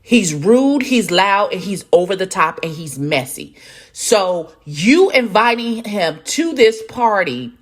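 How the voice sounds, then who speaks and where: A woman, commenting loudly and profanely as she reacts to a reality show. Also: medium pitch, takes it slowly. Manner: loud, profane, animated, talks back at the screen. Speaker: reaction video host.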